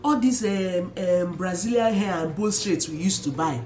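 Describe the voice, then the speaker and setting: A young Nigerian woman telling stories casually to her viewers with an animated, expressive manner and Pidgin asides. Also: fairly low pitch, moderate pace, roomy sound, slight background noise. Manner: animated, mixes Pidgin asides, imitates loud shouts. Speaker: vlogger. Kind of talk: casual storytelling to camera.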